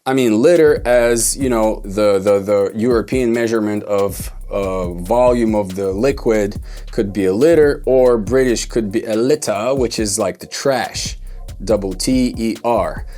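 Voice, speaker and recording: A man explains songwriting tricks in a relaxed, mellow voice, sounding out words and repeating them as he searches for rhymes. Faint music plays quietly behind him. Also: lowish voice, unhurried. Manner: thinking aloud, repeats words while working out rhymes. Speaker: songwriting teacher. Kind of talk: casual whiteboard lesson.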